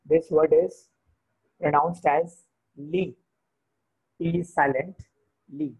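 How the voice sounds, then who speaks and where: Husky man teaching beginner vocabulary. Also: a little high, flat delivery, phone-quality sound. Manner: slow, repeats each word, switches to Hindi to explain. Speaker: French teacher. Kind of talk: beginner language lesson.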